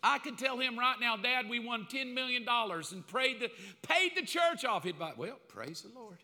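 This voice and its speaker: A man preaching a sermon with comic asides, bursting into loud acted-out calls now and then. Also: very high voice, moderate pace. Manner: comic, animated, acts out quotes in loud bursts. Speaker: pastor. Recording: long hall reverb.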